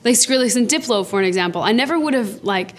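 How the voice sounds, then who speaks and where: A woman's voice: a little high, animated, fast. A woman musician being interviewed as a podcast guest, answering in a gushing, hesitant way with many fillers.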